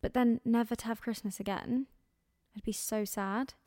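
Young woman, podcast co-host, lively chatter, slightly high voice, dry close sound. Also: moderate pace, no room sound. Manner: chatty, exclaims and laughs a lot. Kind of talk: casual chat.

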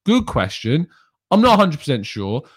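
A man's voice: fairly high pitch, sing-song, normal speed, husky. A man hosting a casual football podcast livestream, chatting away and reading out viewers' names and messages. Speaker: podcast host.

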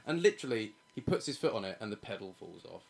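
A man in casual, animated film chat, laughing often and swearing freely. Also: lowish voice, fast, creaky.

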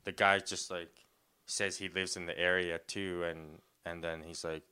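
A young man co-hosting a casual podcast, his low voice smooth and bright. He rambles through stories with a stream of fillers and false starts. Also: level tone, a little slow. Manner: rambling, many fillers and restarts, laughs a lot. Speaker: podcast co-host.

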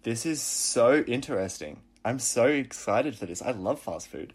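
A man's voice: mid-range voice, lively intonation, unhurried, slightly rough. An Australian man in his late teens, co-hosting a podcast in playful, jokey casual chat. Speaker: podcast co-host.

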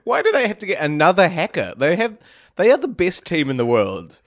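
A man co-hosting a casual movie podcast, sarcastic and quick to swear. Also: high-pitched, huge pitch swings, fairly bright tone, no echo, studio quality. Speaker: podcast co-host.

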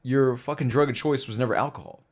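A man doing a stern film-actor impression, pitched up. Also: fairly even intonation, quick pace, a little mellow, natural voice. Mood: scolding.

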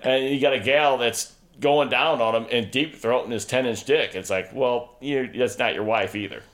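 A man in casual, frank conversation who tells stories bluntly, swears freely and loudly acts out his own remarks. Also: medium pitch, moderate pace. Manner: blunt, profane storyteller, quotes himself loudly.

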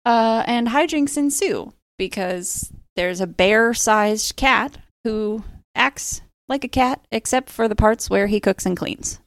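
A woman's voice: on the high side, slow, no room sound. A woman in her thirties co-hosting a podcast, steadily explaining with a wry touch. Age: 30s. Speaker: podcast co-host. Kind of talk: casual chat.

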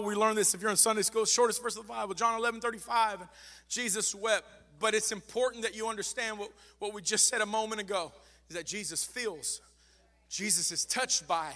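A man's voice: high voice, bright, forceful tone. A man preaching a sermon as pastor, fervent and repeating phrases for emphasis. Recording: long reverb of a large hall.

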